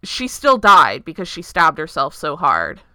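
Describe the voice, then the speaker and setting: Bright, smooth-voiced woman leading the recap. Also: deep voice, wildly swooping pitch, unhurried, no room sound. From Canada. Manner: leads the recap, dry sarcastic asides. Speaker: podcast co-host. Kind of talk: casual chat.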